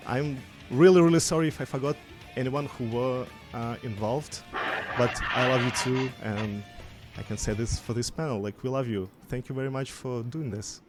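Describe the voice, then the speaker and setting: A young man with a Russian accent hosts a relaxed panel discussion at a middle pitch. His talk is loose, full of "like" and "uh". Music plays clearly behind him. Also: normal speed, hardly any pauses. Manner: casual, heavy on filler words like "like" and "uh". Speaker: panel moderator. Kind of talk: casual panel chat on a video call. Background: music playing.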